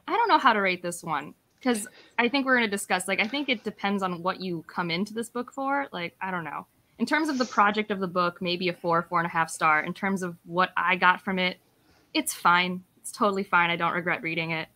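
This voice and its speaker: A woman's voice: on the low side, a little fast, bright, forceful tone. A woman co-hosting a casual book chat on a video call, hesitant and thinking aloud. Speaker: co-host.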